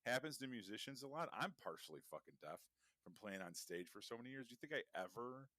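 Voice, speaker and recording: A man's voice: medium pitch, expressive, quick pace, sharp tone, dry recording, clean studio sound. A man co-hosting a podcast, chatting casually with a lot of swearing and wandering tangents. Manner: profane, rambling, digressive. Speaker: podcast co-host.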